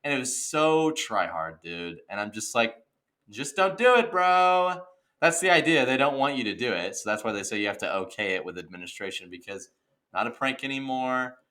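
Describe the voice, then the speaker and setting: A young man co-hosting a podcast, telling a story in a casual, animated rant and saying "dude" and "okay" a lot. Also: medium pitch, normal speed. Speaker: podcast co-host. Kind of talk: casual chat.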